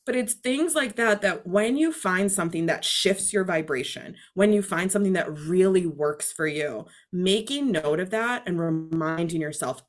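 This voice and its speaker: A woman who works as a spiritual teacher, a guest on a podcast, talking in a chatty, animated way with many fillers. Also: lowish voice, normal speed, few pauses. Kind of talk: casual podcast conversation.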